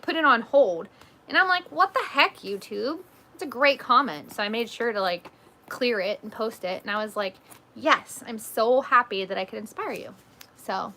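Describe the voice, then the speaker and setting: A woman's voice: fairly high pitch, sharp tone, a little hiss or hum. A woman in her thirties hosting a casual livestream, chatting loosely with lots of "like" and "um" as she reads out viewer comments. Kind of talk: casual live chat.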